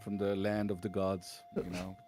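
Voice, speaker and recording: A man from Belgium, co-casting a live game match in a laid-back, joking, halting way. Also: deep voice, level tone, warm tone, soft background music. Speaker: co-caster.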